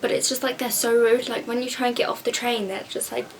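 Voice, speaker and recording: A woman's voice: a little high, flat delivery, fairly quick, gravelly, hardly any pauses, far from the mic. A teenage girl from England answering viewer questions in a casual, chatty rant, often mimicking other people. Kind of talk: casual chat.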